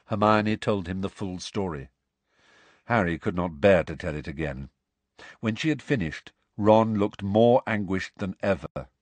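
A man narrating an audiobook with an expressive, varied reading. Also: deep voice, measured pace, dry recording.

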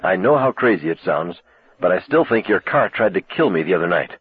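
A man's voice: sits low, sing-song, fairly quick, slightly rough, exaggerated voice. A man reading aloud, voicing a teenage girl who pleads on the phone, close to tears. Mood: pleading. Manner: pleading, wavering toward tears. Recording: tinny lo-fi cassette sound.

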